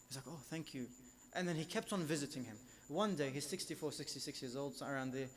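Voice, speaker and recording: Man, religious lecturer, emphatic, builds on repeated phrases, a bit high-pitched. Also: brisk, hardly any pauses. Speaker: lecturer at an Islamic centre.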